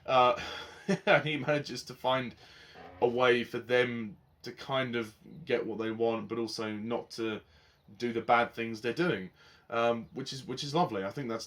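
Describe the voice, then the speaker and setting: A man giving a casual spoken review of a TV series, passionate and rambling, swinging between heated outbursts and softer reflective stretches. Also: medium pitch, fairly even intonation, normal speed.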